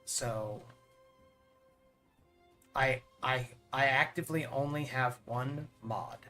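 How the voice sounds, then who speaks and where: A man's voice: mid-range voice, takes it slowly, bright, forceful tone, faint music behind. Earnest rambling male streamer. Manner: rambling, earnest, repeats words when starting a thought. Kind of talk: casual chat on a live stream.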